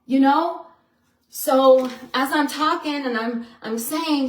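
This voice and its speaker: A woman talking casually to her viewers in a vlog, chatty and excitable, full of "you know" and "like". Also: high voice, slow, echoey room, rough recording. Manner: excitable storyteller who acts out quotes. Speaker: vlogger.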